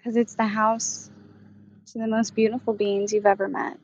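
A woman voicing a channeled spirit guide, speaking slowly and gently in a channeling session. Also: medium pitch, level tone, lightly acted. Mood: gentle. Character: calm wise female spirit guide, unhurried. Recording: dull, dry, lo-fi sound.

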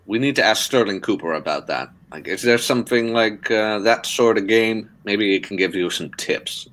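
A man in a casual podcast chat who slips into high, mocking voices when he quotes others. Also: normal speed, fairly bright tone.

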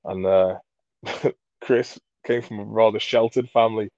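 A man from Merseyside, a comedy creator, telling rambling sweary anecdotes in a relaxed interview. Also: fairly low pitch, unhurried, no echo, lo-fi sound. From Merseyside, England. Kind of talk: casual storytelling in an interview.

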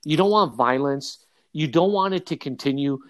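A man's voice: a little high, normal speed, dry recording. A young man chatting on a casual podcast. He tells his story with energy and acts out what everyone said. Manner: animated storyteller, acts out quotes. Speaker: podcast co-host.

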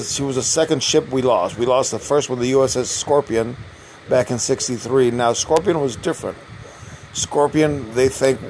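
A man's voice: medium pitch, a little mellow, slight background noise, rough recording. An older man, a navy submarine veteran, telling casual stories in a rambling way, with frequent restarts and fillers. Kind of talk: casual storytelling.

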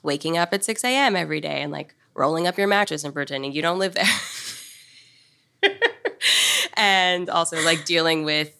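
Low, gravelly, bright-voiced woman storyteller. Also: normal speed. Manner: chatty storyteller, acts out dialogue with many "like"s. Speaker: guest, hotel entrepreneur. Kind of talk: casual live podcast chat. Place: live event venue with audience.

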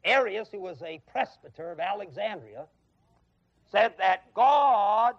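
A man's voice: sits high, animated, a little slow. A man giving an emphatic Bible lecture to an evening class, repeating and stressing key phrases and chuckling at his own stories. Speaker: Bible teacher. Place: evening adult education class at a college. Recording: dull, lo-fi 1970s tape of a dry classroom.

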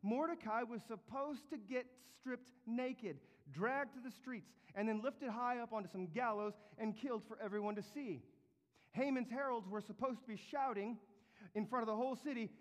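A man preaching a sermon as pastor, telling stories with lively comic flair. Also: high-pitched, normal speed, big-room sound. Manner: animated, comic storytelling.

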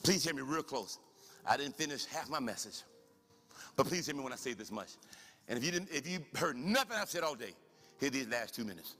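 Animated male preacher in a reverberant hall. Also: medium pitch, a little fast. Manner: animated preaching, swings from soft to shouted. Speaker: pastor. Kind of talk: sermon. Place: church sanctuary.

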